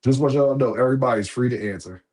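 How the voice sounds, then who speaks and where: A man's voice: medium pitch, very fast, a little mellow. A man hosting a casual boxing live stream, talking straight to his viewers in a preachy, repetitive, profane way.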